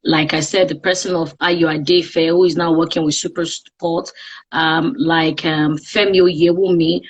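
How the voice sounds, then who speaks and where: A woman's voice: deep voice, flat delivery, a little slow, slight background noise. A woman with a Nigerian accent, a guest on a live-streamed interview, talking candidly and reflectively about her life. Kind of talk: casual interview on a social media live stream.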